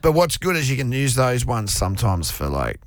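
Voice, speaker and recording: A man's voice: medium pitch, moderate pace, no room sound. An Australian man co-hosting a radio show, telling jokey stories in casual, blokey banter. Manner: blokey, joking, animated storyteller. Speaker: radio co-host.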